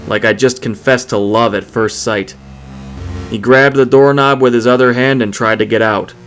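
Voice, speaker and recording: A man reads his own short story aloud in earnest first person, in a voice of middle pitch. Soft music plays quietly under the narration. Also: fairly even intonation, moderate pace. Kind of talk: audiobook narration.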